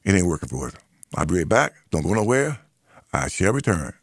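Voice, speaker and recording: A man's voice: deep voice, very animated, brisk. A middle-aged man, hosting a talk radio monologue in an earnest, repetitive, conversational way. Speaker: radio host.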